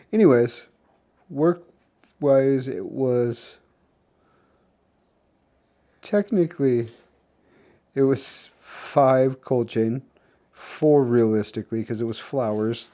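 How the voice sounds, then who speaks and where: A young man with a mellow, mid-range voice recaps his day for a vlog. He rambles through the story, restarting often and leaning heavily on fillers.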